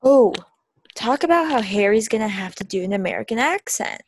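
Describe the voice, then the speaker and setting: A young woman co-hosts a casual podcast chat over a video call, chatty and laughing often. Her voice is a little high, animated, and fairly quick, with crunchy call audio and slight background noise.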